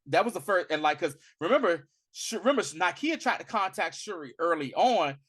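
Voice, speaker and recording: Animated slangy male podcast host. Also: high-pitched, a little fast. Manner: animated, slangy, acts out quotes in bursts. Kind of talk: casual movie review chat.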